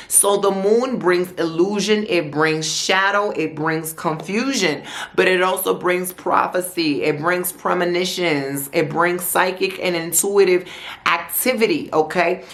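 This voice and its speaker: A woman giving a weekly tarot forecast in a chatty, slangy way, repeating phrases and adding playful asides. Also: on the low side. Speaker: tarot reader.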